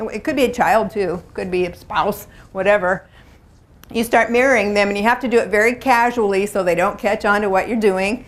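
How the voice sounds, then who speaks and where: Chatty woman giving a live seminar. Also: mid-range voice. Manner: conversational, chatty, acts out little quotes. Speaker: workshop presenter. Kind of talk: live seminar talk to a room.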